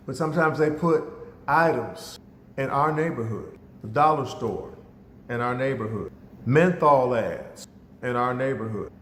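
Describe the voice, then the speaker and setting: A man's voice: fairly high pitch, a bit bright, slight background noise. A man giving a motivational talk, speaking emphatically and addressing listeners directly, with stories woven in. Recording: echoey hall reverb.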